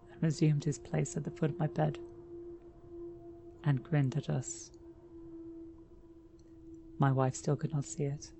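A woman narrating a first-person horror story in a measured, dramatic reading. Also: sits low, mellow, a little hiss or hum.

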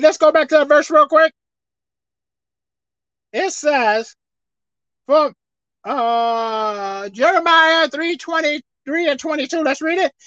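A woman preacher delivering a sermon, swinging between loud emphatic outbursts and quiet asides. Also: sits high, no echo. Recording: dull lo-fi dry sound.

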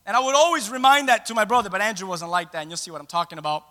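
Male pastor, high and bright voice, playful storyteller, echoey hall. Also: rapid-fire. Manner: playful, animated storyteller acting out scenes. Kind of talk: sermon.

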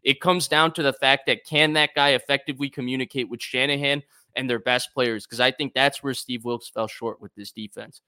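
A man's voice: medium pitch, fairly even intonation, fairly quick, hardly any pauses, sharp tone, clean tone. A man co-hosting a sports talk show, laying out his arguments point by point in an analytical way. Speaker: co-host, football analyst.

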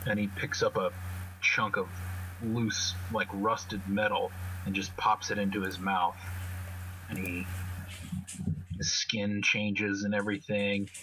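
A man's voice: on the low side, level tone, slow pace, bright, forceful tone, a little hiss or hum, rough recording. A man casually describing his characters' actions in a tabletop role-playing game, rambling and swearing a little. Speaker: player. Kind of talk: tabletop role-play narration.

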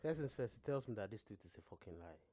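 Young man, podcast co-host, fast-talking and lively, blunt with plenty of swearing. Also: fairly low pitch. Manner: animated, blunt, swears freely. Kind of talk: casual chat.

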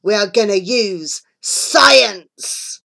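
A woman's voice: mid-range voice, very slow, creaky, bright, forceful tone, full character voice. A woman voicing an earnest, bossy schoolgirl who patiently explains her plans in a children's audiobook.

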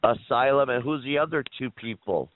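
A man's voice: medium pitch, normal speed. Man lecturing over a tinny phone line. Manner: lecturing, repeats the listener's name. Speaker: chat line caller. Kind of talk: heated phone argument.

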